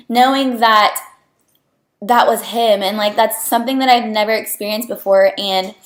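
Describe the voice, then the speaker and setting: A young woman, a student on a clinical rotation, talking earnestly and chattily to her viewers and saying "like" a lot. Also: medium pitch. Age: young adult. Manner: chatty, earnest, heavy use of "like". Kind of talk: casual personal vlog. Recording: roomy echo.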